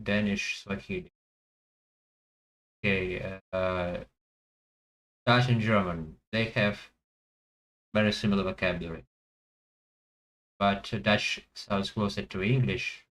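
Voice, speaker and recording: A man thinking aloud as he plays a language guessing game, hesitant and full of pauses and fillers. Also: fairly low pitch, fairly bright tone, rough recording. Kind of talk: thinking aloud while playing.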